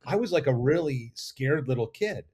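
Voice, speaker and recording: A middle-aged man, a makeup effects artist, telling animated, rambling stories as a guest in a casual interview. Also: mid-range voice, normal speed, slightly rough. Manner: animated, rambling anecdotes with restarts. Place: studio or lounge.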